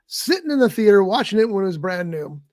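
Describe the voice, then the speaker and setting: Lively-voiced talk show co-host. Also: medium pitch, quick pace. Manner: laughs often, reminiscing. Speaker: podcast co-host. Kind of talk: casual chat.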